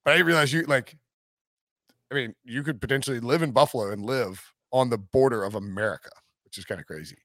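A man hosting a sports betting podcast, talking in a jokey, animated way and laughing often. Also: medium pitch, quick pace, no room sound, clean studio sound. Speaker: podcast host. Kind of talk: casual sports betting chat.

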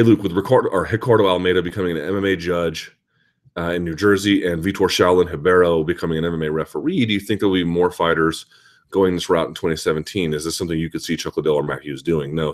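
Low-pitched and casual, a male live chat show host responds to questions from viewers. He gets animated, sarcastic, and ranty as he talks.

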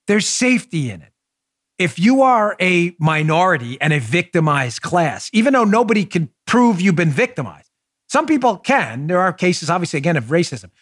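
A man hosts a political podcast in a high, bright-sitting voice. He argues emphatically and tells stories with plenty of energy. The sound is dry and close, with no room around it. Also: no room sound. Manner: emphatic, animated storytelling with laughs. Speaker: podcast host. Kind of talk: opinionated political talk.

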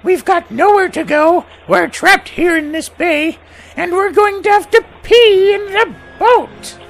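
A squeaky scolding pet monkey. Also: male voice, measured pace, vocal fry, fairly bright tone, exaggerated voice. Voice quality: squeaky high falsetto.

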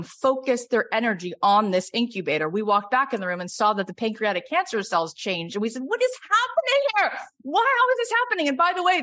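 A middle-aged woman host coaching a caller, telling animated stories and then leading a soft guided meditation. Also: fairly high pitch. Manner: animated, storytelling, swings between excited and soft.

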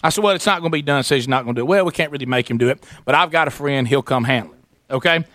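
A man, hosting a talk radio show and telling a story in a lively way, acting out the people in it. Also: mid-range voice, rapid-fire. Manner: animated, acts out quoted voices, sarcastic. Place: radio studio.

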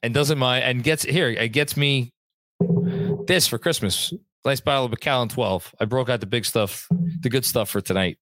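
A man's voice: medium pitch, normal speed, fairly bright tone, dry recording. A young adult man hosting a casual sports live stream from home, reading out viewer comments with a rambling, chatty manner and some swearing. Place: home room at a computer.

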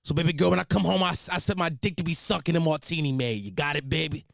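A man putting on a brash, gruff older Italian-American tough guy voice, talking down in a drawn-out way. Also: fairly high pitch, a bit bright, dry recording, studio quality. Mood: swaggering.

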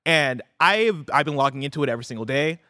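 Young dude rambling quick on a podcast, dry close sound, lots of "right?". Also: male voice, fairly high pitch, dry recording. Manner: animated, swearing, quick storytelling with frequent "right?". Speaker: podcast co-host. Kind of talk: casual chat.

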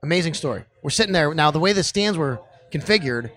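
A middle-aged man from Buffalo, telling old sports stories with growing excitement on a casual podcast. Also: a little high, fast. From Buffalo area. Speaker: podcast guest. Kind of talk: casual storytelling chat.

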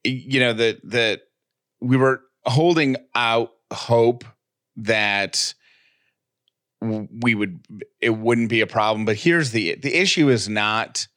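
A man chatting casually as a podcast co-host, playful and a bit rambling, circling back and restarting his thoughts. His voice sits at an ordinary middle pitch and is recorded close and dry, with no room sound. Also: slow, a bit bright, no echo. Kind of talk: casual chat.

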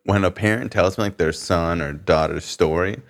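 Smooth-voiced casual podcast host, a man. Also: sits low, moderate pace. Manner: casual, swears, says "bro" and "dude". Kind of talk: casual chat.

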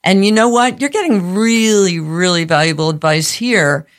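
Raspy-voiced female radio host, casual and rambling, slight lisp, restarts her sentences a lot. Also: lowish voice, normal speed. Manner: slightly lispy speech. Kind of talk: casual chatty talk radio.

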